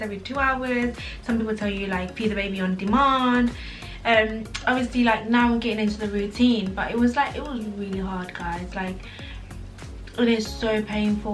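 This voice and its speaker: Young woman, casual home vlogger, candid and chatty, slightly distant mic, faint music bed. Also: mid-range voice. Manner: chatty and candid, full of "like", talks to viewers as "guys". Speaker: vlogger, first-time mother. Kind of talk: casual chat to camera. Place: home room.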